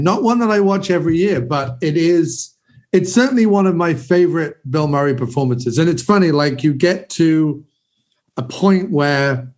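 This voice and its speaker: A podcast host in his forties rambles excitedly about films, swearing casually along the way. His voice is a little high and a little mellow.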